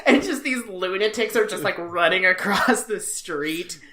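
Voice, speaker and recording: A man's voice: sits high, unhurried, crowd noise. A man co-hosting a casual podcast chat, rambling with many filler words. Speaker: podcast co-host.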